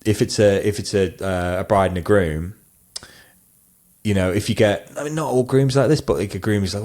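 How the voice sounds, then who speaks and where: Very low-voiced guy chatting away on a podcast, lots of ums and restarts, loose and rambling. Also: brisk, darkish tone. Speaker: wedding photographer guest. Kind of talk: casual podcast conversation.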